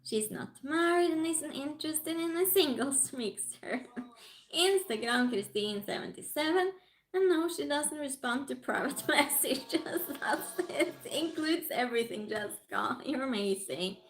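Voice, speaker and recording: A woman with a high, animated voice hosts a casual stream at an unhurried pace, greeting viewers, giggling, and reading their comments aloud. The recording is rough.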